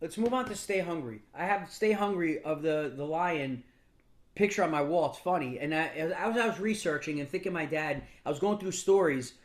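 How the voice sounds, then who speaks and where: A man's voice: fairly high pitch, brisk. A man telling motivational stories to a mastermind group, casual and blunt with some swearing, often restarting and repeating words. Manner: casual, blunt, with mild profanity. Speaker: business mentor speaking to a mastermind group. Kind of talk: motivational storytelling talk.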